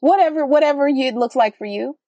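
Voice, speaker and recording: A woman's voice: sits high, brisk, dark tone, no room sound, studio quality. A woman hosting a podcast, talking candidly in casual chat with frequent restarts. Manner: candid, chatty, stumbling restarts. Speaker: podcast host.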